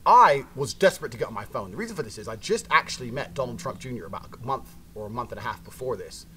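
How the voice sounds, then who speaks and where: A man's voice: medium pitch, expressive, quick pace, a crowd in the background. A man from Britain telling a brash, profane story with heavy emphasis.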